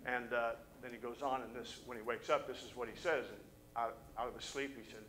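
A male pastor preaching a sermon, telling a story in an animated way and briefly acting out the voices of the people in it. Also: mid-range voice, a little fast, hardly any pauses, poor audio. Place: church service.

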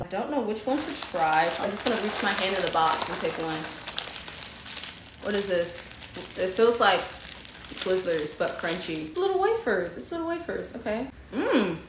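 A woman from the United States in a casual comedic vlog, brash and profane, jumping from loud outbursts to low muttering. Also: expressive, fairly quick. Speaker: comedy creator. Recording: echoey room, dull lo-fi sound.

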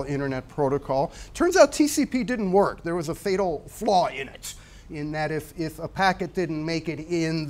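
A man in his sixties giving a talk, telling stories in a relaxed, conversational way with frequent fillers. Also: on the high side. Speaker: guest speaker. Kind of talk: storytelling talk.

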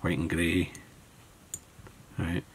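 A man's voice: deep voice, little pitch movement, very slow, slight background noise. A man with a Scottish accent narrating a fly-tying tutorial at his tying desk in an easygoing way, thinking aloud as he works. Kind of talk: tutorial narration while working.

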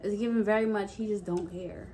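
A woman's voice: mid-range voice, fairly even intonation, brisk, dark tone, slight background noise. A woman in a casual vlog, playfully scolding a toddler and talking to viewers. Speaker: parent vlogger. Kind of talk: casual prank vlog talk.

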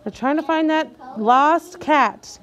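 A high-voiced woman teaching young children to read. She speaks slowly and clearly, stretching out words so the children can follow, with a patient classroom manner. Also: a bit bright. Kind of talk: reading lesson for young children.

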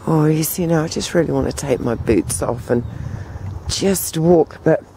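A woman talking to the camera on an outdoor walk, meandering with many pauses and fillers. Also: deep voice, dark tone, slight background noise. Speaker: vlogger. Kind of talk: rambling walk-and-talk vlog.

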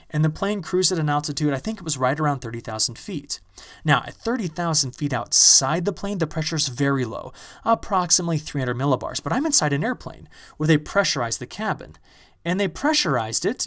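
A man giving a recorded online lecture, telling stories in a lively, animated way. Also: a little high. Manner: lively storytelling, animated when excited. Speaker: university lecturer. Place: recording space in Champaign-Urbana.

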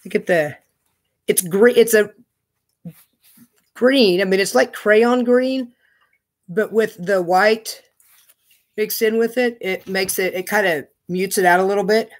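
A man's voice: sits high, measured pace, pauses often. A man chatting casually as he opens fan mail on his knitting vlog, gushing and thinking aloud. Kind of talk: casual unboxing chat.

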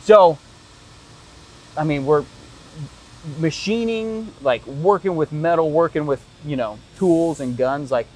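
A man interviewing a guest, telling anecdotes with animated impressions of the people in them. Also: a little high, slow pace, pauses often, a little hiss or hum, poor audio. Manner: animated anecdote teller, acts out voices. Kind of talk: casual interview chat.

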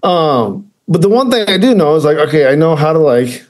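A man's voice: fairly high pitch, very animated, a little fast, darkish tone. A man co-hosting a podcast, talking in a casual, rambling way with lots of fillers and self-corrections. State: choked up with emotion. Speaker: podcast co-host. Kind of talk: casual chat.

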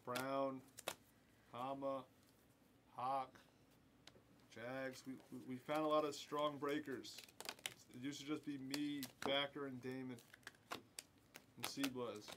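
A man hosting a live card break, rattling off player names and chatting with viewers as he opens packs. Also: medium pitch. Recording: noisy room with crinkling packs.

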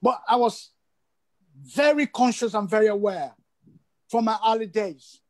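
A man from Sierra Leone, a local councillor, answering interview questions in a measured way and repeating words as he finds his phrasing. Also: high voice, no echo. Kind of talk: interview answers; opening lines a prepared campaign statement.

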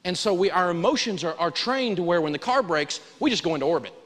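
A man teaching a live personal finance lesson in a folksy, animated way, prompting the audience to answer back. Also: sits high, quick pace, in a large hall.

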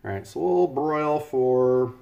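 A man's voice: mid-range voice, animated, slow, vocal fry, noisy background. A man talking loosely and cheerfully while he cooks on a livestream. He jokes around and thanks viewers by name, with an ordinary mid-range voice. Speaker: cooking livestreamer. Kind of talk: casual live-stream chat while cooking. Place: home kitchen.

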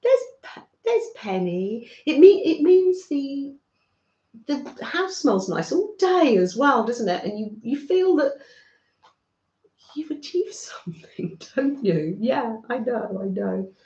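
A British woman hosting a live craft stream, chatting warmly with viewers by name and laughing softly. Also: fairly high pitch, very animated, slow. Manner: warm, chatty, talks to viewers by name, frequent soft laughs. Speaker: craft livestream host. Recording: roomy, slightly dull sound.

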